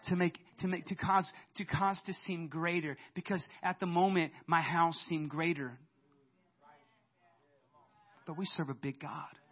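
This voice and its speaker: High-voiced animated preacher man. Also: measured pace, long pauses, husky, dull audio. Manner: animated, conversational preaching with laughs and sudden loud peaks. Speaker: pastor. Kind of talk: sermon.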